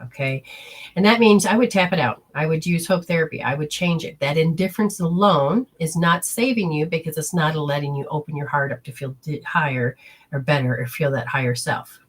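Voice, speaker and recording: A woman's voice: deep voice, a little fast, breathy edge. A woman hosting a spiritual healing talk, explaining steps in a rambling, instructive way and speaking straight to her listeners. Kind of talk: casual teaching talk.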